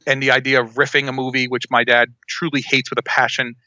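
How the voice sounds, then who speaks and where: A man co-hosting a podcast in casual chat, talking in a rambling, animated way and often breaking off and restarting. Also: medium pitch, quick pace, no room sound, highs cut off. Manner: rambling, animated, self-interrupting. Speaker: podcast co-host.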